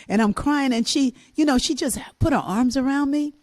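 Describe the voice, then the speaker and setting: An older woman telling a childhood story on a talk show, animated and laughing, acting out the voices of the people in it. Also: high voice, normal speed. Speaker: co-host and musician.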